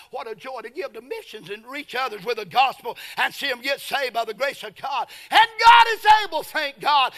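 Fervent preacher man, bright high voice. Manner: fervent, swings from hushed to shouting. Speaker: pastor. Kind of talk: sermon.

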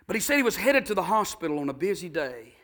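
A preacher man with a high, bright voice tells a story from the pulpit in a folksy, homespun way. He swings from hushed asides to fervent, ringing exhortation. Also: sing-song, fast talker. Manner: folksy, builds to shouting fervor. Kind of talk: sermon storytelling.

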